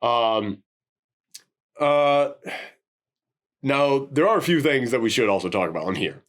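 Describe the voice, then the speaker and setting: A man's voice: medium pitch, expressive, unhurried, fairly bright tone. A man co-hosting a casual movie review podcast, acting out quotes from the film in dramatic voices. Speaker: podcast co-host.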